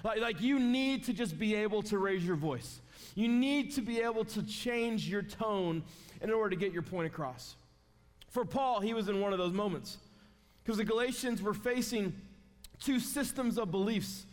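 A man preaching a sermon in a conversational, joking and emphatic way. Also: sits high. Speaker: guest preacher. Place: church sanctuary. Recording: long reverb of a large church.

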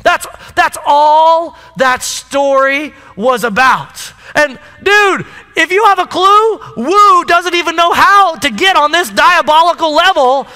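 A man preaching a sermon, telling a story in an animated way and asking the congregation questions. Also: very high voice, slow, hardly any pauses. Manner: animated storytelling, addresses the crowd. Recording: echoey hall.

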